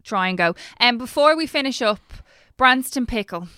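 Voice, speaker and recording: A woman's voice: on the high side, expressive, normal speed, pushed and bright, clear, resonant tone, no room sound, clean studio sound. A woman co-hosting a podcast, chatting in a rambling, teasing way. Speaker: podcast co-host. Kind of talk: casual podcast chat.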